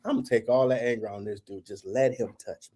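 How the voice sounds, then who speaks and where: A man's voice: fairly low pitch, fairly quick. A man hosting a talk show, telling a story in casual chat, acting out the dialogue and swearing freely. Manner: animated, acts out quoted dialogue, swears freely. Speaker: podcast host.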